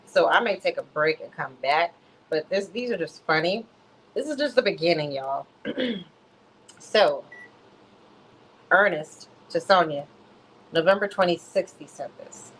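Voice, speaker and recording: A woman's voice: fairly low pitch, animated, a little slow, pauses often, a little hiss or hum. A woman doing a comic dramatic reading, dropping wry, chatty asides in a casual way. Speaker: comic reader.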